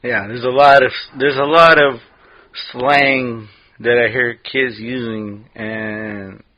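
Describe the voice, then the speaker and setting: A man's voice: medium pitch, steady tone, takes it slowly, no echo. A man co-hosting a podcast in casual chat, thoughtful and fond of words and how people use them. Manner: reflective, fond of language. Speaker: podcast co-host. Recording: dry, dull lo-fi podcast audio.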